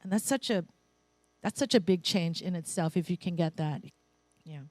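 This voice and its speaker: A woman's voice: lowish voice, moderate pace, a little mellow, no echo, faint music behind. Chatty woman giving a casual sermon. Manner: chatty and playful, with asides and little laughs. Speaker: speaker at a spiritual center. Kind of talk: conversational sermon. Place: spiritual center congregation, in Hawaii.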